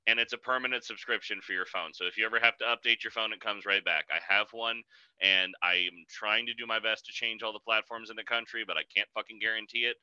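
A man's voice: fairly low pitch, fairly even intonation, fast, sharp tone, smooth, no echo, lo-fi sound. A man co-hosting a casual podcast, talking bluntly and emphatically with some profanity. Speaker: podcast co-host, powerlifting coach.

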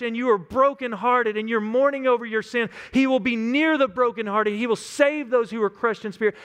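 A man in his thirties delivers a sermon with an earnest, pastoral manner, now and then slipping into small acted-out quotes. His voice sits high and sounds smooth and resonant. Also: fairly bright tone.

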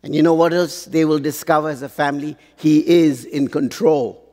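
A man preaching a sermon, pausing for effect and asking the congregation rhetorical questions. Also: fairly high pitch, steady tone, a little mellow. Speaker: pastor. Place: large church hall. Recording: long hall reverb.

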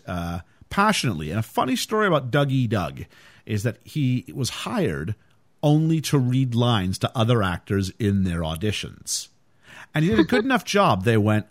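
A man hosting a podcast, chatting casually and animatedly about a film, with frequent fillers. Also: fairly low pitch. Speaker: podcast host.

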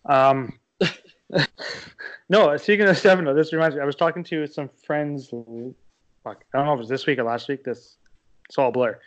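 A young man co-hosting a podcast in casual chat, rambling and filling his speech with "like". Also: on the high side. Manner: rambling, heavy on "like", quick to laugh. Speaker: podcast co-host. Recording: slightly dull lo-fi sound.

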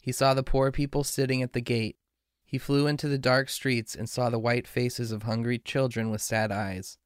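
A man reading a fairy tale aloud in a slow, measured way. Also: mid-range voice, little pitch movement, smooth, no room sound, studio quality. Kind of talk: storybook reading.

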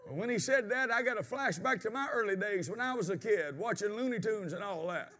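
High, bright-voiced preacher. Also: male voice, lively intonation, a little fast. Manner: storytelling, shouting exclamations, preaching cadence. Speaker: pastor. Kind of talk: sermon. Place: church sanctuary.

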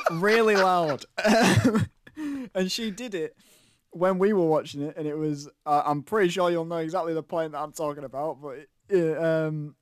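A man's voice: fairly high pitch, very animated, moderate pace, no echo. A man co-hosting a podcast, chatting casually about films and chuckling between remarks. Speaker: podcast co-host. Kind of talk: casual film chat.

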